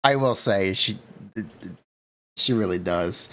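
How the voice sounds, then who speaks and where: Man live-streaming, laid-back, unhurried, lively ups and downs. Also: medium pitch. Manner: laid-back, reacts to chat, talks to viewers. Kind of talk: casual live-stream chat.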